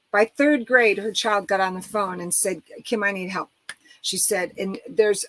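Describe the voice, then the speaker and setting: A middle-aged woman, an author and coach, talking casually and telling lively stories, acting out the voices she quotes. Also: medium pitch, dry recording, rough recording. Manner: animated storyteller, acts out quoted voices. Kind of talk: casual interview talk.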